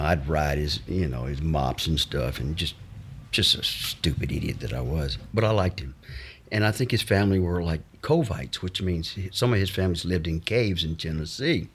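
A man with a drawl talks in a very low, gravelly-husky register as he rambles through old stories. He stops and restarts often, filling gaps with uh's. He slips into the voices of the people he remembers. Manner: rambling, halting with many uh's, acts out the people he quotes. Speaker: guest telling life stories. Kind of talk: casual anecdotal storytelling.

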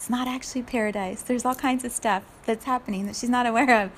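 A woman giving a reflective spiritual talk, playful and quick to laugh. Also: fairly high pitch, steady tone, a little hiss or hum. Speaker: spiritual speaker.

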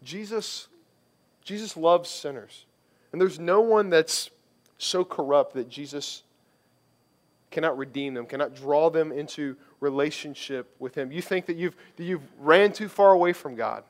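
A man's voice: on the high side, a little slow. A male pastor preaching a conversational sermon, slipping into the voices of people he quotes.

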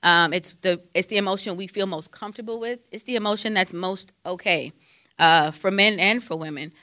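A woman's voice: medium pitch, fairly quick, pushed and bright, no room sound, studio quality. A woman counselor giving faith-based advice in a conversational way, quoting scripture and using frequent fillers.

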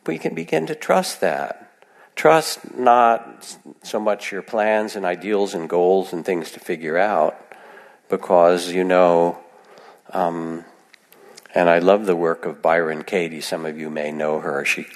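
A man giving a gentle, reflective meditation talk to a live audience, with soft asides in other voices. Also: sits low, big-room sound. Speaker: meditation teacher. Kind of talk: dharma talk.

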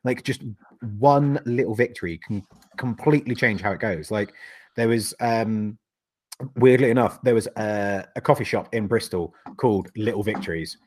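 A man's voice: on the low side, moderate pace, a little mellow. A man from the UK co-hosting a podcast, telling a rambling, sweary story with frequent laughs. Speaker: podcast co-host. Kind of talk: casual chat.

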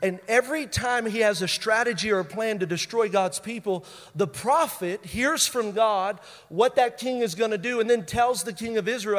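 A high-voiced pastor preaches in a large hall whose long reverb rings around his words. Emphatic and at a normal pace with few pauses, he repeats key phrases to drive his points home, swinging between loud bursts and hushed intensity.

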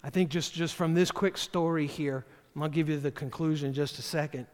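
A man preaching a sermon as pastor, animated and acting out the voices of the figures he quotes. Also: fairly high pitch, brisk. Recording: long hall reverb.

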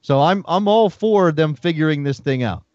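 Man, podcast guest, casual chat, slightly high voice, earnest, stammers, dry dull audio. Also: lively intonation, moderate pace, darkish tone, dry recording. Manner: earnest, stammers over repeated words. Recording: dull lo-fi sound.

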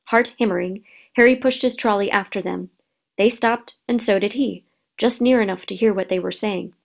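Woman narrating a kids book, steady expressive reading. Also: mid-range voice, moderate pace, creaky. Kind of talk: storybook reading.

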